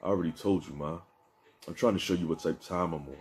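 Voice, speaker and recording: A man voicing a laid-back, generous man in a wheelchair who talks in easygoing street slang, with a deep, mellow voice. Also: fast.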